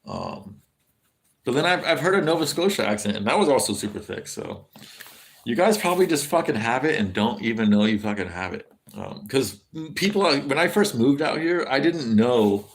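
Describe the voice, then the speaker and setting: A man's voice: medium pitch, wildly swooping pitch, moderate pace, slight background noise. An American man from California, chatting casually on a livestream, rambling and swearing a lot with plenty of fillers as he answers chat. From California, USA. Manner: rambling, profane, lots of fillers.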